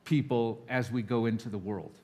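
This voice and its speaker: A man speaking from a church pulpit as a guest preacher. He sounds candid and a little nervous, confessional in tone, and he slips into quick acted-out voices for the people in his examples. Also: fairly low pitch, fairly even intonation, dark tone. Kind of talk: sermon. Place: church sanctuary.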